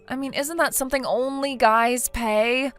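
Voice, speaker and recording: A woman's voice: high-pitched, steady tone, normal speed, a bit bright, soft background music. A synthetic woman voicing a whiny naive young wife. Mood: pleading. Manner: pleading, hesitant. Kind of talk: text-to-speech text story narration.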